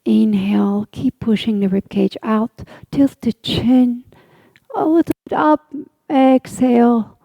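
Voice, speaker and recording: Calm lady yoga teacher, super slow soft cues, dry close mic. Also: on the high side, creaky, no echo, dull audio. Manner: slow, soothing, drawn-out cues, often half-whispered. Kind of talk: guided yoga class instruction.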